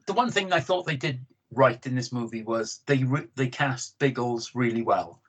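Husky-voiced man critiquing a film. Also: medium pitch, lively intonation, normal speed, low-quality recording. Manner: opinionated, repeats words when starting. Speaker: film podcast co-host. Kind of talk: casual film review chat.

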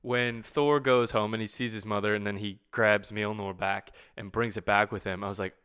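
A man in casual conversation about a film, excitable and laughing often, quoting lines from the movie. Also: lowish voice, moderate pace, few pauses, clear, resonant tone. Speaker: movie fan discussing a film. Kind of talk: casual chat.

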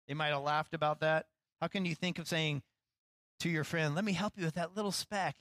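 A man, a pastor, preaching a sermon in a relaxed, conversational way, acting out lines with rising animation and poking fun at himself. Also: on the high side, fairly quick, no echo, poor audio. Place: church.

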